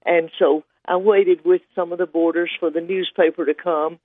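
An older man speaks gently, pausing and hesitating as he reminisces. His voice sits a little high, and it comes over a narrow, tinny phone line with no room sound. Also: steady tone, no echo. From Georgia. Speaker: caller.

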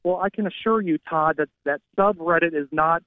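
A man's voice: a little high, brisk, no room sound. A man phoning in to a talk radio show as a political strategist, speaking confidently and combatively. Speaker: political strategist guest on a call. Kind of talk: phone-in talk radio interview. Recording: tinny phone line.

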